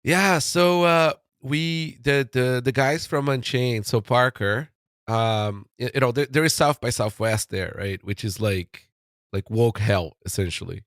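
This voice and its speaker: A man's voice: medium pitch, measured pace, fairly bright tone, no room sound, studio quality. A man as a podcast guest, nasal from a cold, talking in a loose rambling way with frequent laughs. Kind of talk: casual podcast chat.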